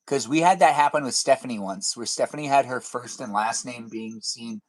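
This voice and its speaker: A man's voice: medium pitch, moderate pace. Man, young adult, live stream chat, teasing, rambling, mid-range voice. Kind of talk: casual live stream chat reading comments.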